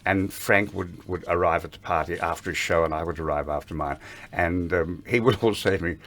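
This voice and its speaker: An older man with a very low voice tells stories from a long stage career. He chuckles often as he goes and briefly acts out the lines of people he quotes. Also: fairly quick, a bit bright. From Australia. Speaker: guest, veteran stage performer. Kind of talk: anecdotal interview reminiscence.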